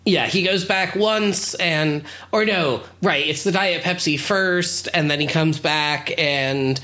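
A speaker in relaxed casual chat, full of "like" and "um" and freely swearing. The voice is bright and sits at a middling pitch. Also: slow pace.

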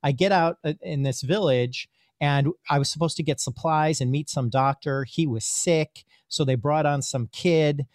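A man who is a physician, telling a story as a guest in a casual conversation, animated and often repeating words as he gets his thoughts out. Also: a little high, moderate pace, no echo, clean studio sound.

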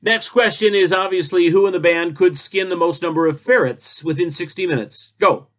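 A man's voice: high-pitched, moderate pace. A man hosting a spoof radio talk show, rambling through absurd jokes with a straight face. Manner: rambling, absurd deadpan banter. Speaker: host.

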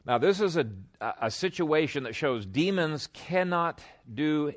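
A man's voice: fairly high pitch, expressive, measured pace. Brief: male pastor in a sermon, reads scripture and comments between the verses. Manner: reads aloud, breaks off to explain.

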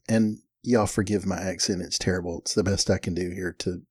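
A man's voice: sits low, fairly even intonation, a little fast, darkish tone, husky, dry recording, studio quality. A man telling a family story in a folksy, self-deprecating way. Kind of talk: casual storytelling.

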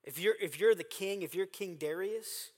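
A man's voice: high voice, moderate pace, darkish tone, long reverb tail. A man preaching a sermon as pastor, earnest and emphatic, repeating phrases for stress. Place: church sanctuary.

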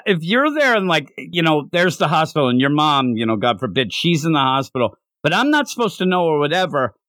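A man co-hosting a casual podcast chat, animated, often slipping into high put-on voices to act out character lines. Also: a little fast, dry recording, clean studio sound. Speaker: podcast co-host reviewing an anime.

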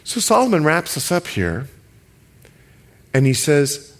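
A male pastor from the Bahamas preaching a sermon. He stretches key words slowly for emphasis and jokes with the congregation. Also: fairly high pitch, huge pitch swings.

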